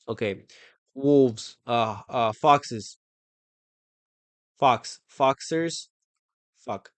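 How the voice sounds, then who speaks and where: A young man talks through a quiz on a live stream at an unhurried pace, mumbling team names and cursing under his breath. His voice sits at an ordinary pitch, recorded close and dry with no room sound. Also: dry recording. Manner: muttering to himself, swearing, frustrated outbursts.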